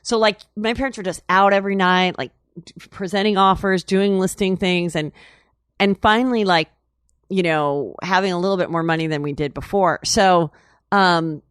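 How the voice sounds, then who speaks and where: A woman with a fairly low, clear, resonant voice speaks at a normal speed, recorded cleanly in a studio with no room sound. She's a guest in a casual storytelling interview, rambling and candid, with lots of "like" and "you know." Chatty and open, she laughs as she tells her story.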